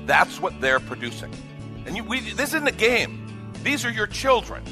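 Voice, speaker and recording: A man preaching a sermon as pastor, animated, acting out little voices. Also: sits high, normal speed, music in the background.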